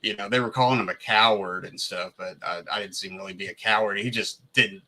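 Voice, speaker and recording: Kentucky guy rambling about movies, lowish voice but bright, lots of you know. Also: fairly even intonation, fast talker. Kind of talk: casual movie chat.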